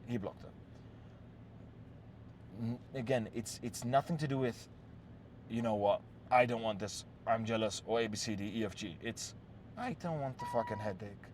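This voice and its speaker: A man's voice: fairly low pitch, moderate pace, pauses often, darkish tone, slight background noise. Blunt, profane man giving advice. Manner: blunt and profane, peppered with "yes?" and "right?". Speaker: relationship advice host. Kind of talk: casual storytelling monologue.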